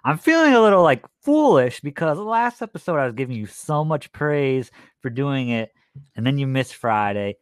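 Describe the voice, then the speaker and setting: A man's voice: medium pitch, big pitch swings, normal speed, clean tone, no room sound, clean studio sound. A young man co-hosting a podcast, chatting in an easygoing, teasing and candid way. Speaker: podcast co-host. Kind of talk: casual chat.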